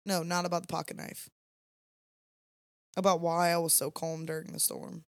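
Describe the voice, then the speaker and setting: A woman's voice: lowish voice, little pitch movement, moderate pace, no room sound, studio quality. A young woman, co-hosting a podcast late at night and telling a long rambling story in casual chat. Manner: chatty, rambling, Southern "y'all" phrasing. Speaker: podcast co-host.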